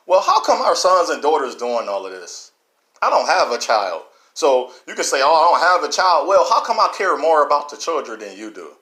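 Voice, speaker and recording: A man delivers a fervent, sermon-like rant straight to his camera, circling back over his points as his voice swells and drops. His pitch sits mid-range for a man. The room around him rings with a noticeable echo. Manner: preachy, repetitive, swings between loud and low. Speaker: vlogger. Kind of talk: impassioned monologue to camera. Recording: roomy echo.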